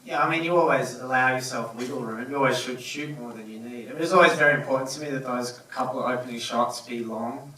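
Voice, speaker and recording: A film director answering audience questions, halting, with many fillers and restarts. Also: male voice, medium pitch, sharp tone, far from the mic. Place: cinema auditorium. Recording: echoey cinema, voice from afar.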